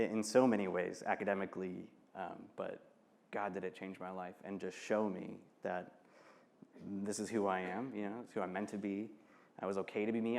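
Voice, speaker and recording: A man in his thirties from Michigan talks with earnest, halting candor onstage, stopping and restarting mid-thought and breaking into laughter easily. His voice sits fairly low and carries a gravelly, fry-edged texture. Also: a little mellow. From Michigan, United States. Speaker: author and guest. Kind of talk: candid onstage conversation. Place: festival stage.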